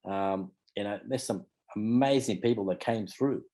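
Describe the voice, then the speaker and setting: A man's voice: fairly low pitch, normal speed, mellow. An Australian man in his fifties, a martial arts teacher talking casually in an interview, rambling and leaning on fillers like "you know" and "mate". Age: 50s.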